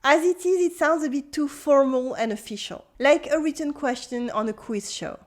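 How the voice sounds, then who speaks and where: A woman's voice: high voice, moderate pace. A woman with a French accent, a native French speaker, giving an online language lesson and patiently repeating example phrases for practice. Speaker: French teacher.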